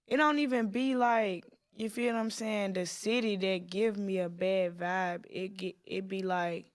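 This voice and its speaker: A woman's voice: medium pitch, steady tone, unhurried, no echo. Laid-back woman, dry mic. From Chattanooga, Tennessee. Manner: laid-back, lots of fillers and slang. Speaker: guest rapper. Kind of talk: casual interview chat.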